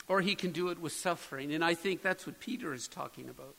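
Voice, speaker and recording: A man's voice: high-pitched, fairly quick, pushed and bright, big-room sound, low-quality recording. A man preaching a sermon, earnest and building to emphatic peaks. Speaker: pastor.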